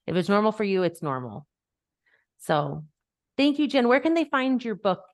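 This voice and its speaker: A woman's voice: mid-range voice, big pitch swings, normal speed, darkish tone, dry recording, clean studio sound. A woman hosting a podcast as a life coach, talking casually and animatedly, acting out quoted voices and laughing easily. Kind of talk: casual conversational chat.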